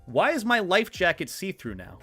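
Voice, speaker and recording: A man on a live stream rambles playfully to his chat, his pitch bouncing up and down all the time. Soft music plays faintly behind him. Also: huge pitch swings, moderate pace, breathy edge. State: hiccups.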